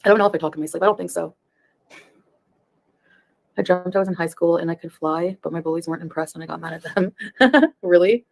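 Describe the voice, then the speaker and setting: A woman's voice: on the low side, brisk, gravelly, pauses often. A woman in her thirties, a YouTube reaction streamer, chatting casually on a livestream in a rambling way and laughing often. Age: 30s.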